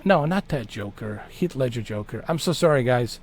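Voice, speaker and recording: A man's voice: mid-range voice, lively intonation, normal speed. A man hosting a gaming channel, chatting in a casual, rambling way and swearing freely.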